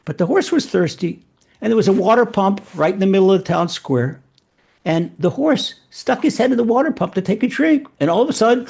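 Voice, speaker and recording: A man telling a religious fable and drawing its lesson, animated and prone to repeating words. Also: high-pitched, a little fast, vocal fry, husky. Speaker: rabbi storyteller.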